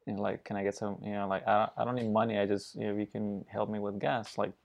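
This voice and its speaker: A man's voice: on the low side, little pitch movement, fast, creaky. A man co-hosting a casual podcast, laid-back and joking. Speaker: podcast co-host.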